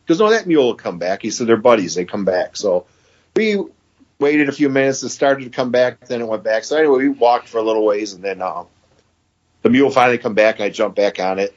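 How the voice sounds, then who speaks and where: A man's voice: mid-range voice, expressive, fast talker. A man, a podcast guest, telling a long story in a folksy way, acting out the dialogue and laughing as he goes. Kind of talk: casual storytelling. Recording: dull lo-fi podcast audio.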